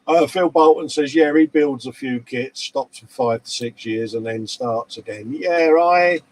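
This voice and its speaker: A man's voice: mid-range voice, measured pace. A man, chatting casually and jokily on a live hobby show, laughing often and reading out viewer comments. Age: 40s. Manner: chatty and jokey, laughs often, calls people mate. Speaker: co-host of a live model-building chat show.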